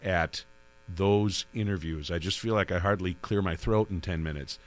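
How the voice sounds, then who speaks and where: A man's voice: low-pitched, normal speed. A man who hosts a radio interview show, telling stories about his work in a rambling way with many restarts. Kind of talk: conversational interview.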